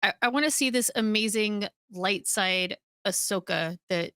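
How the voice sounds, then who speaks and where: Bright-voiced excited woman. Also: medium pitch, smooth, no echo, studio quality. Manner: excited, halting with restarts. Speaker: podcast co-host. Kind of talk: casual podcast chat.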